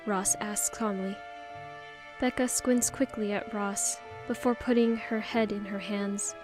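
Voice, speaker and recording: A woman narrating a story in an audiobook with a steady, expressive reading. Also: medium pitch, a little slow, over music.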